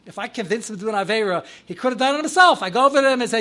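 A man, a rabbi teaching a Torah class, sprinkling in Hebrew and Yiddish terms and growing loud and animated when he acts out his examples. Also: very high-pitched, very fast.

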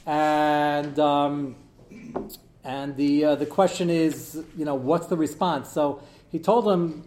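A man's voice: fairly high pitch, steady tone, slow, darkish tone. A man as a rabbi giving an informal talk to his congregation, telling anecdotes in a conversational way and taking questions. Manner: storytelling, conversational, takes audience questions. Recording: roomy echo.

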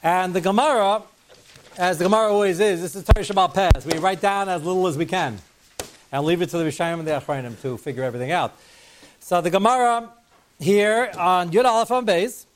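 Joking, digressive rabbi teaching. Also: male voice, high-pitched, brisk, a little hiss or hum. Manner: digressive, joking, sprinkles in Hebrew and Yiddish terms. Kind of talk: Torah class lecture.

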